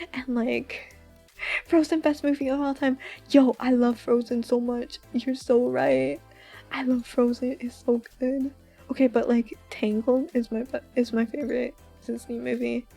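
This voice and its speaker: A young woman streamer in soft-spoken casual chat with viewers, giggly and rambling, with lots of "like". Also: sits high, flat delivery, a little slow, vocal fry, faint music behind. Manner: giggly, rambling, says "like" often.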